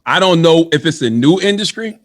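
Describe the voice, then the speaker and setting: A man's voice: on the high side, expressive, a little fast. A man co-hosting a comedy podcast, cursing and laughing in loose banter. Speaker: co-host.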